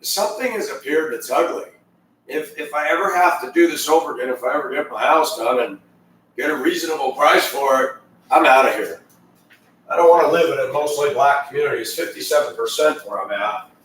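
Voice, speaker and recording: A man's voice: a little high, brisk, a bit bright, recorded from a distance, slight background noise. A man in his fifties giving an emphatic, rambling ranting monologue with frequent restarts. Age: 50s. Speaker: video commentator. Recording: very echoey room, voice off-mic.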